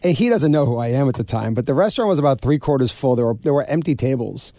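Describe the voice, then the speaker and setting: Guest storyteller, New man, animated, repeats himself, dry close mic. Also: mid-range voice, fast talker, no room sound. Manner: animated storyteller, acts out quoted people, repeats words. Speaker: guest author and restaurateur. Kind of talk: storytelling interview.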